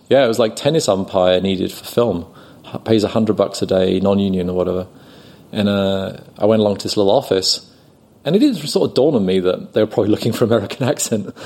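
A British man telling a story on a podcast, animated and often laughing as he acts out the people he quotes. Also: lowish voice, creaky, slightly rough. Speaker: podcast guest, actor. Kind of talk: casual anecdote telling.

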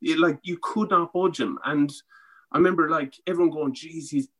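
An Irish man, a former rugby player, chatting as a podcast guest and telling animated stories, acting out what others said. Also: a little high, brisk, rough recording. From Ireland. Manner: animated storytelling, acting out quotes. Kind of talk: casual chat.

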